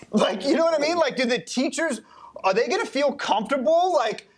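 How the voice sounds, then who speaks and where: A man's voice: very high-pitched, lively intonation, normal speed. A man talking casually on a podcast, rambling with many restarts and fillers. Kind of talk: casual chat.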